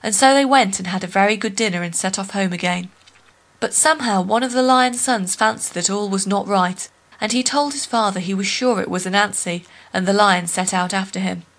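Female storyteller, steady folk-tale reading. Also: mid-range voice, fairly quick.

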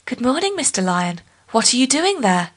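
A woman's voice: fairly high pitch, very animated, moderate pace, breathy edge, voice pushed up. Timid polite village woman, storybook, read by a woman. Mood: cautious.

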